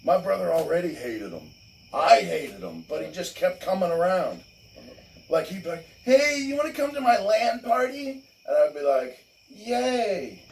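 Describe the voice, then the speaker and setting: Gravelly-voiced man telling a rowdy story. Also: a little high, a little mellow. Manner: swearing, laughing, acts out voices in his story. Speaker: co-host. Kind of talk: casual storytelling. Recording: echoey room, far from the mic, faint noise.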